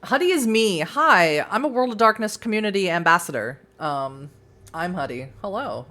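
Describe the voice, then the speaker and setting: A woman's voice: mid-range voice, lively intonation, normal speed, bright, forceful tone. A woman streamer chatting casually and narrating a game, laughing often and poking fun at herself. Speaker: game streamer and community ambassador. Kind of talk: casual let's-play commentary and narration.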